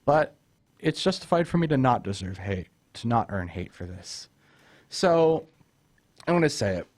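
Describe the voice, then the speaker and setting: A man's voice: mid-range voice, very animated, moderate pace, darkish tone. A young man hosting a casual film review chat, ranting with exasperation about a character and retelling scenes. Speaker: host.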